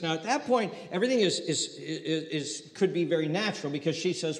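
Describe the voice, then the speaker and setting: Pastor, conversational and animated, slightly high voice, echoey hall. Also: male voice, fairly quick, few pauses. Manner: conversational, animated, acts out scenes. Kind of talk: sermon. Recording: echoey hall with long reverb.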